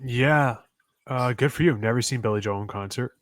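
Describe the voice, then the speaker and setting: A man's voice: medium pitch, moderate pace, no echo. A young man from Long Island co-hosting a sports podcast, joking wryly in casual chat. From Long Island, New York. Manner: wry, joking, wrestling slang. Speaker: podcast co-host.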